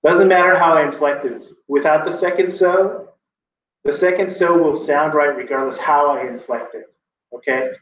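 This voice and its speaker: Male teacher, emphatic and opinionated, slightly high, recorded from a distance, dull sound. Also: slight background noise. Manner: emphatic, opinionated, explains with examples. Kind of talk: classroom teaching. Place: classroom. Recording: echoey room from far off, dull.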